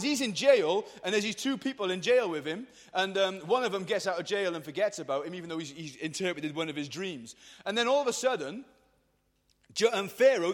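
A young man giving a youth talk, retelling a Bible story in slangy, energetic casual speech and acting out the quoted voices. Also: high voice. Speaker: youth speaker. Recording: reverberant hall.

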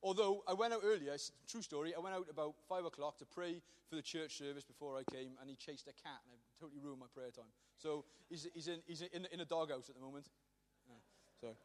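A man's voice: fairly high pitch, quick pace, big-room sound. A man preaching a joking, rambling youth sermon in a church. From Wales. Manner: joking, rambling, self-deprecating. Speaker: pastor. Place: church hall.

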